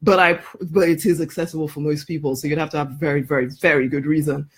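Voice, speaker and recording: A woman's voice: deep voice, steady tone, quick pace, husky. A woman life coach giving an emphatic promotional talk to camera, repeating her points, calling the listener honey and laughing often. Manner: laughs often between phrases. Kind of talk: promotional live video talk.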